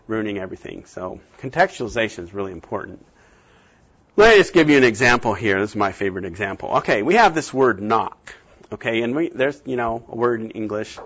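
A man giving a classroom lecture on translation, animated, often acting out little scenes with sudden jumps in pitch. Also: muffled recording. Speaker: teacher.

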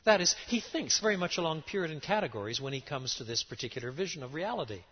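A middle-aged man preaching a lecture-style sermon, emphatic and animated, with sudden rises and drops in his voice. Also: on the high side, fast, breathy edge. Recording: dull sound in a large reverberant hall.

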